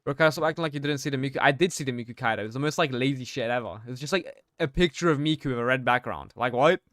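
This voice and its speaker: A man's voice: medium pitch, very fast, a bit bright, no room sound. A young man streaming a game, chatting casually, reading out his chat and laughing often. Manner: slangy, reads chat aloud, laughs often.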